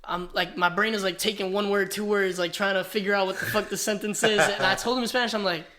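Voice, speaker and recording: A man's voice: high voice, fast. A man, a rapper guest, telling stories in a casual podcast chat, acting out the exchanges he describes. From New Jersey, US. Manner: animated storytelling, acts out quoted exchanges.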